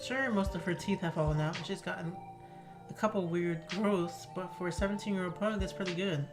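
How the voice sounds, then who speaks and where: A woman's voice: fairly low pitch, brisk, natural voice. A woman voicing a chatty, friendly small-town woman who owns an old pug, with game music playing behind her. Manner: talkative, neighborly, gossipy.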